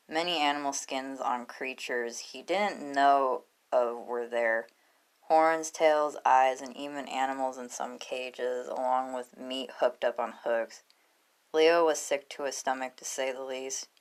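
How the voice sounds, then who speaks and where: A woman reading a fan fiction story aloud in plain, steady narration. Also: very deep voice, clear, resonant tone.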